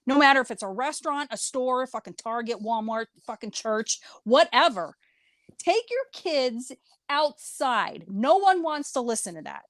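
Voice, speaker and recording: A woman co-hosting a casual podcast chat, telling a lively story and laughing often. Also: high-pitched, no echo, clean studio sound. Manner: animated storytelling, frequent laughs. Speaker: podcast co-host.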